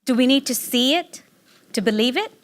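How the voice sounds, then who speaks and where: A middle-aged woman giving a personal storytelling talk, animated and laughing, acting out excited quotes. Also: high voice, normal speed. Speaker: speaker giving a public talk.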